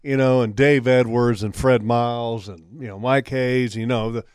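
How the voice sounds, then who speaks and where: A man's voice: medium pitch, steady tone, moderate pace, a little mellow, clean tone, no room sound. Bantering man, mock-serious, dry studio. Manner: argumentative, repeats points with mock seriousness. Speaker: radio show co-host. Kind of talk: casual banter among friends.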